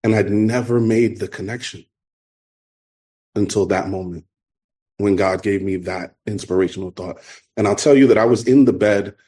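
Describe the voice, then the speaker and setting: A middle-aged man from New York with a New York accent, telling his recovery story to a meeting in an earnest, halting way. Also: fairly low pitch, warm tone. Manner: earnest, halting, repeats himself. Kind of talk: personal testimony talk.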